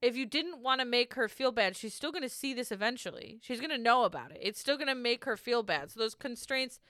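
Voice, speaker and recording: A woman's voice: fairly high pitch, animated, fairly quick, fairly bright tone, no echo, studio quality. A young woman co-hosting a podcast, chatting casually through a reality show recap, laughing often and swearing freely. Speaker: podcast co-host.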